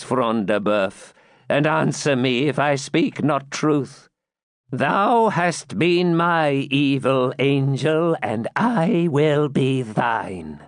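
Brief: vengeful old crone, man reading the part, slow deliberate delivery, lively pitch, close dry sound. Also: no room sound. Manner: slow, grim, mocking and solemn. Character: vengeful old woman, a gloating hag. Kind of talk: audiobook character reading.

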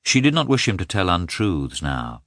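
A man narrating a classic novel as an audiobook, in an expressive, measured telling. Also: low-pitched, dry recording, clean studio sound.

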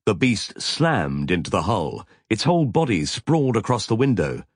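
Husky guy reading a sci-fi audiobook, really expressive pitch, dry close sound. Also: normal speed, hardly any pauses, no echo. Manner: vivid, tense storytelling. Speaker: audiobook narrator. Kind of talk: dramatic audiobook narration.

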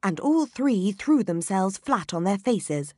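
Expressive woman narrating a storybook. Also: mid-range voice, no echo, studio quality. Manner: expressive, measured reading.

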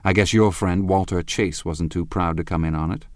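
A man voicing a composed, mysterious wealthy man who speaks quietly, steadily and politely. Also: low voice, steady tone, moderate pace, dry recording, studio quality, natural voice. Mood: restrained.

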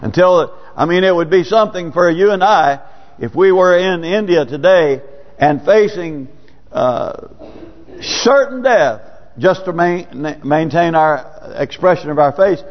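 A man's voice: on the high side, expressive, a little slow. A man preaching a sermon in a church, talking in a folksy, conversational way with sudden rises. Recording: dull, lo-fi church recording with long reverb.

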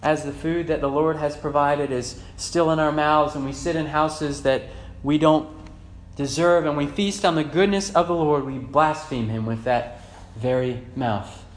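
A man in his thirties preaching a sermon as pastor, moving between loud fervent emphasis and soft reflective passages. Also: on the high side, fairly even intonation, unhurried. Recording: echoey church room with faint hum.

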